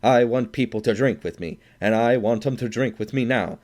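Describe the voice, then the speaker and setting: A man voicing a drunk, burly, boastful Swedish man who blusters loudly and demands everyone drink with him. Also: mid-range voice, normal speed, voice pushed up, natural voice. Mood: belligerent.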